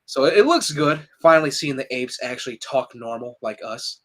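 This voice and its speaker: A man's voice: medium pitch, animated, normal speed, fairly bright tone, low-quality recording. A man co-hosting a live podcast, chatting casually and laughing often. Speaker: podcast co-host. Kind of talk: casual chat.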